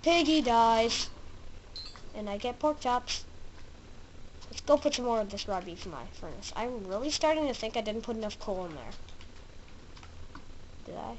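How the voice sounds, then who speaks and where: Woman let's-play host, upper-ish voice, very animated pitch, jumpy and chatty with in-game animals. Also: moderate pace, long pauses, a little hiss or hum, rough recording. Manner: excitable, easily frightened, chatters to the game animals. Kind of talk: casual gameplay commentary.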